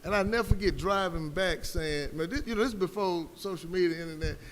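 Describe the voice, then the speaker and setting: A man's voice: sits high, quick pace, big-room sound, a little hiss or hum. A man on a live debate panel, telling a personal story with fervor and calling his listeners brother like a preacher.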